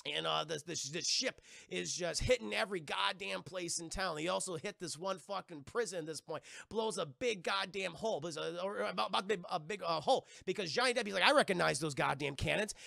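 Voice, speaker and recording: A young man streamer casually recapping a movie to live chat in a profane, rambling, animated way. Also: sits high, a little fast, vocal fry, hardly any pauses, no echo, studio quality.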